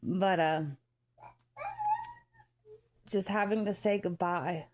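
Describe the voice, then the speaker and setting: A woman's voice: mid-range voice, fairly even intonation, extremely slow. A young woman vlogger talking through near tears, heartfelt and rambling with many fillers, as she shares a personal story. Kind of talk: emotional personal commentary. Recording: child noise in the background. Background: child yelling nearby.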